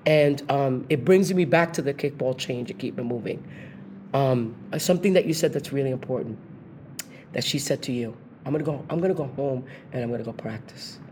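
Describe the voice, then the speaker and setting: With a bass voice and a brisk pace over a noisy background, this woman host from New York City tells stories with gusto in a conversational interview, performing the voices she quotes.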